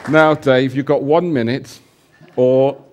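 A man's voice: mid-range voice, fairly even intonation, slow pace. A man leading a church service, introducing a visitor with light jokes and laughter. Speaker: pastor.

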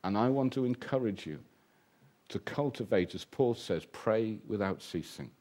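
A man preaching a sermon, lively and humorous, acting out the voices he quotes. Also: lowish voice, normal speed.

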